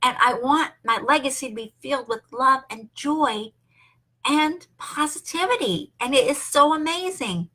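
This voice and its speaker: A woman's voice: high-pitched, animated, unhurried, bright, forceful tone. An older woman and grandmother, talking in an enthusiastic, emphatic, upbeat way about her online business. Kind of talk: motivational talk to camera.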